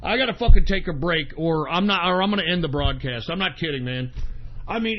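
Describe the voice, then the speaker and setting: A man's voice: fairly high pitch, expressive, a little fast. A man hosting an internet radio show, ranting in exasperation, swearing heavily and repeating himself. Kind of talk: angry on-air rant. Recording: dull lo-fi stream audio.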